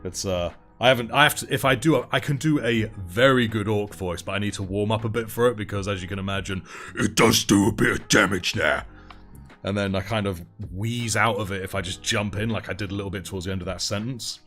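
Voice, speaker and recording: A man's voice: fairly low pitch, quick pace, hardly any pauses, fairly bright tone, faint music behind. A man hosting a casual livestream, chatting and thanking viewers while he paints miniatures. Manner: chatty, reads out and thanks chat while painting, laughs often. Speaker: livestream host.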